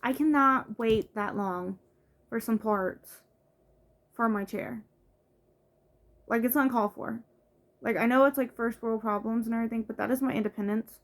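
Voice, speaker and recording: A woman's voice: fairly high pitch, moderate pace, pauses often. A young woman from the United States venting in a casual vlog, frustrated, with many fillers and restarts. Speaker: vlogger. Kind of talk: casual vlog rant to camera.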